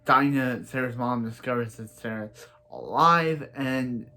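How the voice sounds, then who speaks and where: A man's voice: medium pitch, a little slow, sharp tone. A man casually recapping a TV episode as a reviewer, rambling through restarts and giving blunt opinions. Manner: rambling, stumbling over restarts.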